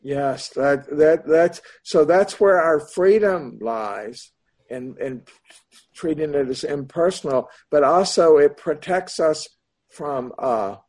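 A man teaching as a Buddhist meditation teacher, answering a question in a slow, searching, meandering Dharma talk. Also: fairly high pitch, darkish tone, husky.

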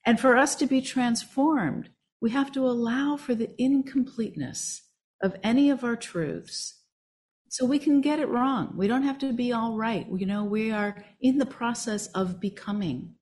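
A woman's voice: on the high side, a little slow, darkish tone. A woman meditation teacher leading a group discussion, enthusiastic and affirming.

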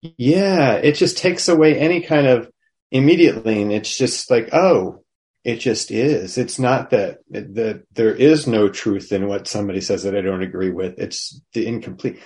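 A man's voice: on the low side, moderate pace, darkish tone. A man taking part in a casual group discussion, reflective and hesitant. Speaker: discussion participant.

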